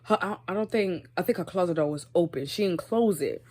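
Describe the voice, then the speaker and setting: Young woman vlogger, slightly low voice, chatty and animated storytime delivery. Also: a little fast. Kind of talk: casual storytime.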